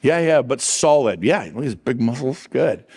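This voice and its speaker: A middle-aged man giving an energetic motivational talk on stage, quizzing and teasing his audience. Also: medium pitch, normal speed, slightly rough. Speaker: real estate coach on stage.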